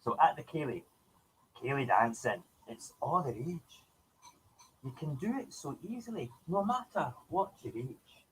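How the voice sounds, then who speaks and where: A man's voice: on the high side, very animated, unhurried, slight background noise, pitched above the performer's own voice, rough recording. A man putting on a merry Scottish ceilidh dancer. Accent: Scottish (put on). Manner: sing-song rhyming recitation.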